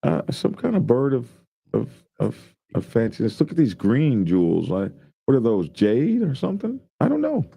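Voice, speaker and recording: Gravelly man riffing on news headlines. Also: on the high side, dark tone. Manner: reads headlines aloud then riffs jokingly. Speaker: co-host reading news. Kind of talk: casual news commentary chat.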